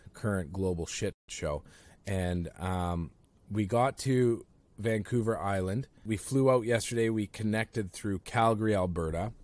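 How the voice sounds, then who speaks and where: A man's voice: on the low side, unhurried, a little mellow. A man co-hosting a podcast, rambling and poking fun at himself in casual chat. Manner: rambling, self-deprecating, many fillers. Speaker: podcast co-host.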